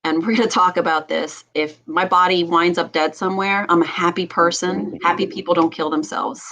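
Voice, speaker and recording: A woman doctor hosting a health talk show, speaking with a somewhat low voice. She talks with animated passion and laughs often. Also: a little hiss or hum, rough recording. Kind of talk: casual talk show chat.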